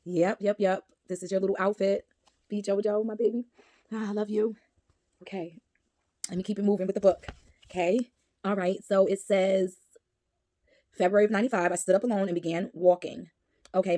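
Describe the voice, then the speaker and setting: Chatty New mother, low voice. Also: mellow, no echo, clean studio sound. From Brooklyn, New York. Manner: affectionate, chatty, laughs often. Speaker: mother reading a baby book aloud. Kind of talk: casual reading and reminiscing.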